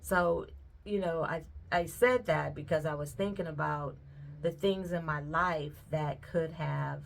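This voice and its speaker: A woman's voice: low voice, steady tone, measured pace, gravelly, slight background noise. A middle-aged woman, chatting casually and laughing as she reminisces while she works on a craft. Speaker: vlogger. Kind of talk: casual chat while pouring paint.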